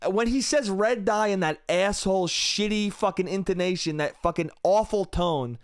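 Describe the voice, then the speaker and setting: A man's voice: sits high, normal speed, clean tone, dry recording. A young man hosting a solo comedy podcast, telling an exasperated, profane story close to the mic and mimicking people he quotes. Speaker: podcast host.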